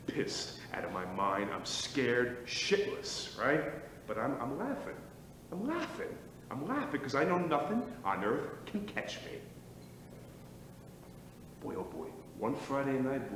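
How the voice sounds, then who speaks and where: A man on stage playing a restless, boastful middle-aged former athlete, rambling and swaggering, prodding his listeners with "right?" and "boy", recorded live in a small theater. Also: mid-range voice. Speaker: stage actor. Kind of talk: live stage play acting. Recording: echoey theater stage, distant mic, noisy.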